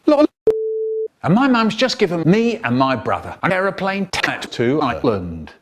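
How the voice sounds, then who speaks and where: A man's voice: on the high side, big pitch swings, normal speed, fairly bright tone, a little hiss or hum. A man telling a childhood story in sentence-mixed clips, jumping into character voices.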